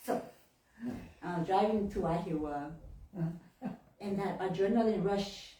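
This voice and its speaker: In a temple hall, a woman minister recounts a story in her sermon, her mid-range voice unhurried and dark in tone. She speaks with a lilt, laughs frequently, and acts out how she reacted. The room echoes and the mic sits far away.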